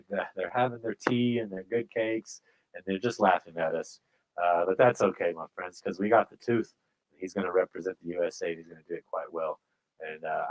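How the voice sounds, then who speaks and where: A man's voice: medium pitch, dry recording, rough recording. A man hosting a podcast, giving a casual, chummy recap of a fantasy sports league and calling listeners "my friend". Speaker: podcast host.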